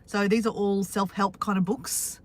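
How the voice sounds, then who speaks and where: A woman's voice: mid-range voice, flat delivery, normal speed. A woman with an Australian accent chatting casually on a live stream from her car, greeting viewers by name.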